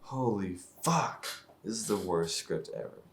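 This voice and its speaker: A man with a fairly low voice reacts to a TV show in loose, swear-filled commentary. He sounds exasperated and mocking, and laughs often as he picks the script apart. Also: lively intonation, measured pace, a little hiss or hum. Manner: laughs often while talking.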